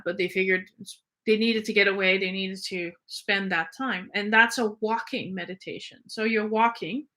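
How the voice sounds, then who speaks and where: A woman giving an informal spoken lecture on spiritual practice, thoughtful and unhurried, often pausing with fillers and correcting herself. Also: mid-range voice, sharp tone. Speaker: spiritual teacher.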